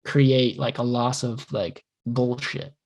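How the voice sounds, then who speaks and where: A man's voice: mid-range voice, level tone, slow, vocal fry, a little mellow. A man co-hosting a casual podcast, ranting passionately and swearing freely, often acting out his own thoughts in quoted asides. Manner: passionate rambling rant with swearing. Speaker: podcast co-host.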